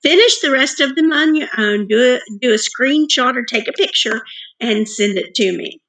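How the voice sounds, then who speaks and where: A woman music teacher in a recorded distance-learning lesson, sounding words out slowly and clearly for young students. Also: fairly high pitch, lively intonation, fairly bright tone.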